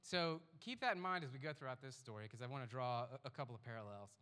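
A man's voice: medium pitch, fast, bright, forceful tone, clear, resonant tone. A man preaching a casual, jokey testimony sermon in a church auditorium on a stage mic, self-mocking and rambling, a little out of breath. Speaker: guest speaker. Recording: reverberant hall.

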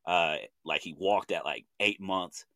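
A man in his thirties from Oklahoma with an Oklahoma accent, co-hosting a podcast and telling a story in animated casual chat, acting out what people said in slangy talk. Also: low-pitched, a little slow, no room sound. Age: 30s. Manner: animated storytelling with slang, acts out quoted voices. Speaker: podcast co-host.

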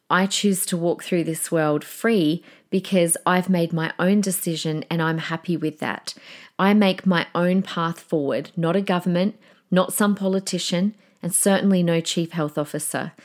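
A middle-aged Australian woman hosting a solo podcast, chatty and animated, with fillers and quick laughs. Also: on the low side. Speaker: podcast host.

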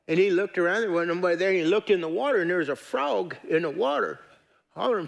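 Folksy pastor, high voice. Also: male voice, a little fast, vocal fry. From United States. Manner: folksy, joking, earnest. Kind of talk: sermon. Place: church.

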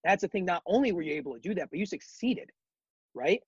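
Husky encouraging male guest, dull dry sound. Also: high voice, lively intonation, quick pace, dry recording. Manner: reflective, encouraging, many ums. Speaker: podcast guest. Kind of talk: casual chat.

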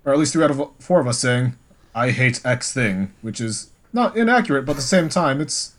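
A man's voice: medium pitch, expressive, a little fast. A man co-hosting a casual podcast chat, rambling and full of filler words. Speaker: podcast co-host.

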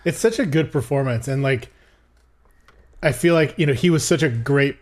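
A man's voice: medium pitch, normal speed, a little mellow. A man co-hosting a casual film podcast, joking and argumentative, with some swearing. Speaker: podcast co-host.

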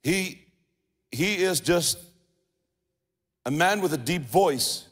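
A man's voice: fairly high pitch, expressive, slow, fairly bright tone, breathy edge. A man with a South African accent preaching a sermon, talking in a casual way and repeating himself as he goes. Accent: South African English. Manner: conversational preaching with restarts and repeated phrases. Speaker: pastor. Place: church hall. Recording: long reverb of a church hall.

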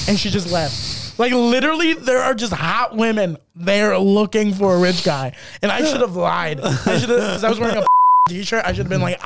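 A man's voice: high-pitched, animated, fairly quick, fairly bright tone. A young man co-hosting a podcast, telling stories in a casual chat and acting out the people he quotes. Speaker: podcast co-host.

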